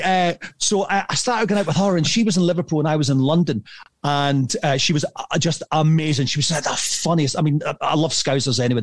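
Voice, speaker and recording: A middle-aged man telling a rambling, animated story as a podcast guest, swearing freely and laughing at himself. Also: a little high, no echo. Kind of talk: casual anecdote telling.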